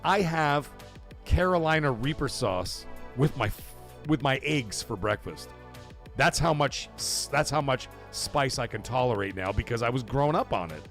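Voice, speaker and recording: A middle-aged man hosting a livestream in casual chat, animated and swearing, loudly thanking donors. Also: mid-range voice, moderate pace, creaky, soft background music. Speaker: livestream host.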